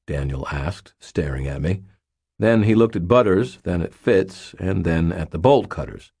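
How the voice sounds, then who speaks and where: An audiobook narrator reads a first-person novel aloud in a measured storytelling voice. His voice is deep, a little mellow and slightly rough, with vocal fry, in a dry, clean studio recording.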